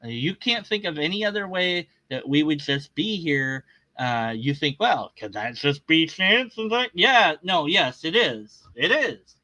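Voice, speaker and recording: Man for a reaction rant: high, piercing voice, sarcastic and riled up. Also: very animated, measured pace, sharp tone, low-quality recording. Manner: agitated, sarcastic, rambling with restarts. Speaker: commentator reacting to a video. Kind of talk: casual rant.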